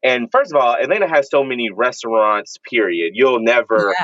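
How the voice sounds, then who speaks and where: Young man from Florida, vegan creator, mid-pitched, animated slangy talker, dry muffled lo-fi audio. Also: moderate pace, no echo. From Jacksonville, Florida, US. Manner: animated storyteller with lively, emphatic slang. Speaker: vegan content creator, guest. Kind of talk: casual conversational chat.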